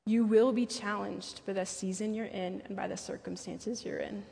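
Husky woman preaching in an echoey hall. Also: mid-range voice, fairly even intonation, moderate pace, mellow. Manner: earnest and personal, with playful asides. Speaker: church speaker. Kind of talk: sermon.

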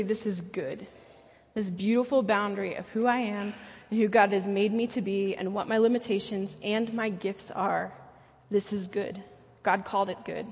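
A woman's voice: mid-range voice, darkish tone, slightly rough, big-room sound. A woman speaking at a church and preaching a sermon, earnest and personal, with playful asides.

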